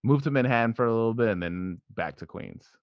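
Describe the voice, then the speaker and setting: A man's voice: medium pitch, animated, a little fast, no room sound, muffled recording. A man in his thirties from New York, a podcast guest in casual chat who is laid-back and laughs often.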